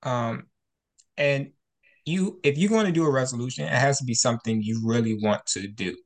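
Co-host, casual chat, mid pitch, plain-spoken, jokey. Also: normal speed.

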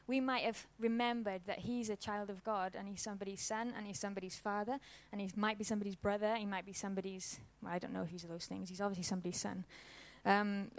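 A woman, giving an informal church talk and telling a personal story in a casual, conversational way. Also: medium pitch. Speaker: church speaker.

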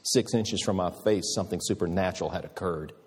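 A man's voice: low-pitched, fairly quick, slightly rough. A man preacher telling a moving story in an earnest sermon, ending with a pleading appeal. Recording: reverberant hall.

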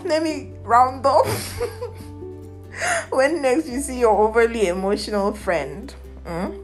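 A young woman with a Nigerian accent hosting a podcast, ranting candidly and emotionally and dropping in Nigerian slang. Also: mid-range voice. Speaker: podcast host. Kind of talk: personal rant podcast.

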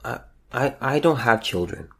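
A man hosting a solo podcast, talking in a halting, emotional way, repeating words as he holds back tears. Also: mid-range voice, expressive, creaky, husky. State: close to tears. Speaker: podcast host.

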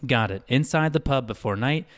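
A man's voice: mid-range voice, animated, moderate pace, no echo, clean studio sound, pitched above the performer's own voice, lightly acted. A man voicing a frightened young woman who is trapped in a strange town and keeps asking anxious questions. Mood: uneasy.

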